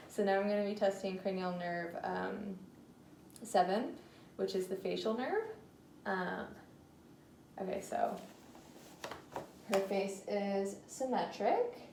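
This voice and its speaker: A woman talks slowly through a clinical exam, pausing often on fillers. Her voice is gravelly and mellow. The room is echoey, with faint background noise. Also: mid-range voice, animated. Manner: hesitant, many fillers. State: slightly out of breath. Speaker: student doing a clinical neuro exam. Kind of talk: talking through an exam for video.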